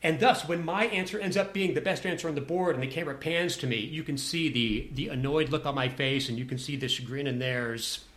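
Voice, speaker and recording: A man's voice: a little high, fairly quick, hardly any pauses, a bit bright. Wry man telling a self-mocking story. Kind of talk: personal anecdote told to a listener.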